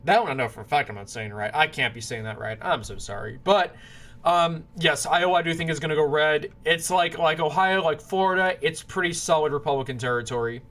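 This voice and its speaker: A man's voice: on the high side, brisk, a bit bright. A man giving casual political predictions, rambling, often restarting and apologizing when he stumbles over names. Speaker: political commentator.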